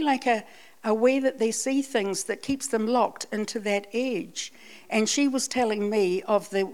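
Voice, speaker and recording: A woman's voice: mid-range voice, darkish tone. A Scottish woman giving a sermon, telling a personal testimony in a chatty, self-deprecating way. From Scotland. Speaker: church speaker.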